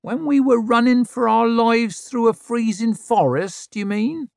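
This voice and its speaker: Mocking blunt hill woman put on by a man, wry drawl, rough grammar, dry close sound. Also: fairly low pitch, very animated, measured pace, dry recording, voice pushed up, heavily acted.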